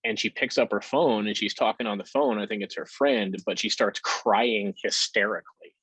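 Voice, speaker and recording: A man telling his story candidly in a casual interview, with halting fillers and the odd curse. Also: on the low side, a bit bright, husky, no echo. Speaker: podcast guest. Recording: dull lo-fi sound.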